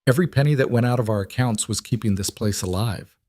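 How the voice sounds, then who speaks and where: A man voicing a desperate older male ranch bookkeeper who pleads, his voice rising higher than the narration. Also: fast talker, mellow, no echo, clean studio sound, lightly acted.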